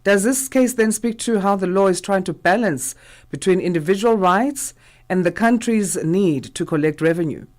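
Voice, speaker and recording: A news show host asking an expert clear, brisk questions in a radio interview. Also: mid-range voice.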